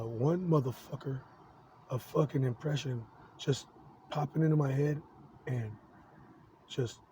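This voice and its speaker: Guy in his 40s ranting and cussing, keeps restarting, mellow low-key tone, bit of faint noise behind. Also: poor audio. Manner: profane, agitated, halting with many restarts. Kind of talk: rambling personal monologue.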